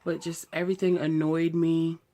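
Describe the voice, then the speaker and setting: A vlogger in her thirties tells her own story to the camera, raw, emotional and outspoken, in loose casual speech. Her voice is deep and dark-toned, with a flat delivery at a moderate pace.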